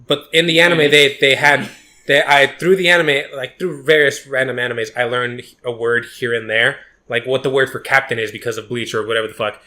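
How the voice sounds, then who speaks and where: Male podcast co-host, rambling storyteller, curses freely, bright tone. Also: medium pitch, steady tone, brisk. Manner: rambling, profane, many restarts. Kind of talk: casual chat, storytelling.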